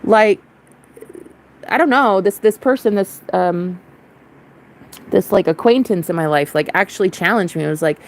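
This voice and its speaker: A young woman talks straight to her viewers in a casual spiritual rant. Her voice sits a little high, and she is blunt and defiant, swearing freely as she goes. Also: animated, measured pace, long pauses. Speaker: spiritual vlogger.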